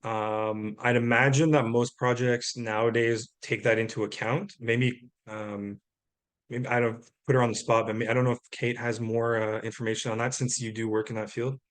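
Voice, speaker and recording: A man's voice: medium pitch, flat delivery, moderate pace. Earnest man explaining housing. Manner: earnest, explanatory, many fillers. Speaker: housing presenter. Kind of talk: webinar presentation and Q&A.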